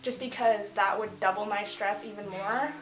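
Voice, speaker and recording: A woman's voice: medium pitch, fairly even intonation, normal speed, a bit bright. A woman in her twenties casually telling a story, chatty and full of fillers, often laughing as she talks. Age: 20s. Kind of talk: casual story time chat. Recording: echoey room with faint music.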